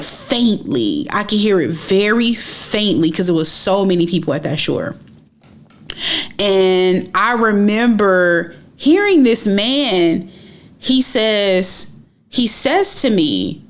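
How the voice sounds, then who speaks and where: A young woman retelling a personal story in a casual, animated way, stressing and repeating her phrases. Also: mid-range voice.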